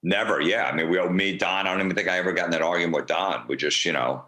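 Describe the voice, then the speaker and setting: A comedian being interviewed, telling rambling, profane, laid-back anecdotes in a casual way. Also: male voice, deep voice, fast talker, pushed and bright, roomy sound. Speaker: comedian guest.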